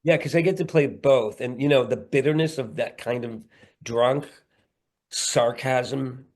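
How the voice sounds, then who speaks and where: A man's voice: medium pitch, unhurried, a little mellow. A middle-aged man, a comedian and actor guesting on a podcast, talking in a rambling, earnest way with playful asides over a video call. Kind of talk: candid podcast interview.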